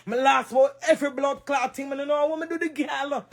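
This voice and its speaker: Sitting high in pitch with fairly even intonation, this Jamaican social media personality talks fairly quickly. She rants tearfully on a livestream, repeating her points and sometimes getting loud.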